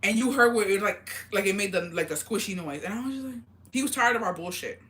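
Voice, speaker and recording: A woman's voice: medium pitch, expressive, fast, fairly bright tone. A young woman chatting casually on her vlog, telling family stories with lots of swearing and laughter. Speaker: vlogger. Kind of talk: casual storytelling chat.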